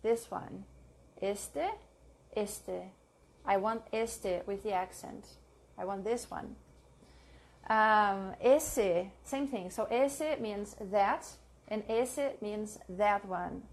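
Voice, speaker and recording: A young woman teaching a pronunciation lesson, reading each example word slowly and carefully, often repeating it. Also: mid-range voice. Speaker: language teacher.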